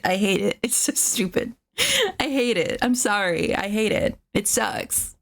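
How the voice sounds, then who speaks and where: Young woman streamer, casual rambling chat, profane and sarcastic, middle pitch. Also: measured pace, creaky.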